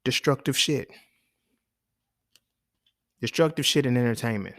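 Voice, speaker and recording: A man's voice: mid-range voice, a little slow, a bit bright, no echo, studio quality. A man hosting a solo talk show, speaking in a blunt, profane, casual monologue and often checking in with "you feel me". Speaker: podcast host.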